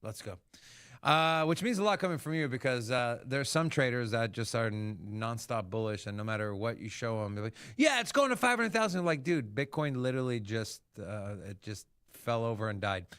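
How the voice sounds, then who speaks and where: Dry-voiced excitable crypto host guy. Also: mid-range voice, moderate pace, smooth, dry recording. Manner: casual, excitable, swears freely. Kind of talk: livestream market commentary.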